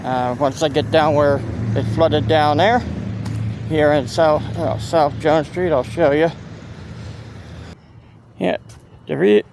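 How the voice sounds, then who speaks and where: A man with a Central Pennsylvania accent narrates a walk through town, speaking slowly in a slightly high voice. He rambles, restarts his sentences and points things out as he goes. The phone recording is outdoors, with faint street and traffic noise behind him. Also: fairly even intonation, creaky. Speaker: local walking-tour vlogger. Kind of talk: casual walking narration.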